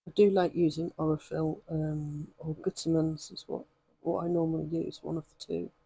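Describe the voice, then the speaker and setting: Hoarse, gravelly woman chatting. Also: deep voice, fairly even intonation, moderate pace, dark tone, no room sound. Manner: rambling, self-deprecating, many ums. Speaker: craft vlogger. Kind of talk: chatty stitching demonstration.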